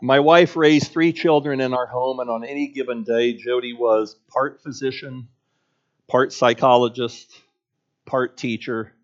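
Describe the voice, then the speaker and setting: A middle-aged male pastor giving an earnest sermon, using rhetorical questions and measured pauses. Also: medium pitch, fairly even intonation, muffled recording.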